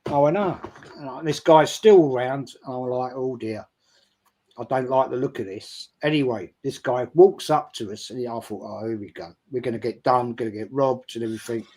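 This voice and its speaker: A man's voice: medium pitch, normal speed, mellow. An older English man on a video call, telling a casual anecdote with lots of swearing, acting out the people he quotes. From England. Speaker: stream guest. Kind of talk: casual storytelling.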